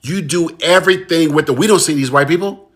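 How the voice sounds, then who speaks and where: Speaking briskly in a fairly high voice, a man addresses his audience head-on in an emphatic, impassioned commentary, hammering home his points through repetition.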